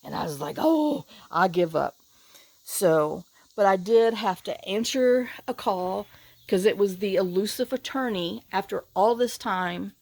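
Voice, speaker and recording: A woman's voice: medium pitch, measured pace, a little mellow, no echo. Middle-aged woman, casual vlog chat, worn out and sighing, rambling, dry close sound. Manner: rambling, sighing, full of fillers and restarts. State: worn out and hot after outdoor work. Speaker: vlogger. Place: outdoors on rural property.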